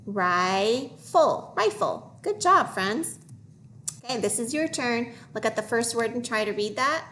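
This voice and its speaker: A woman teacher leading a phonics lesson for young children, modeling each word slowly and clearly. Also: a little high, animated, bright, forceful tone, a little hiss or hum. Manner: slow, deliberate modeling of words for young learners.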